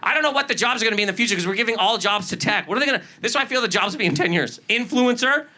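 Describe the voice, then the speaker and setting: A man's voice: sits high, expressive, rapid-fire, bright, forceful tone, a little hiss or hum. A man performing a stand-up comedy set, ranting with incredulous, exaggerated delivery. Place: comedy club stage. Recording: live stand-up with audience laughter. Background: audience laughter.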